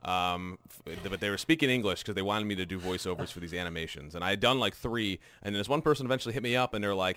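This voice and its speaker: Laid-back low-voiced man, casual swearing. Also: lively intonation, fast, fairly bright tone, no echo. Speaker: podcast co-host, voiceover artist. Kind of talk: casual podcast chat.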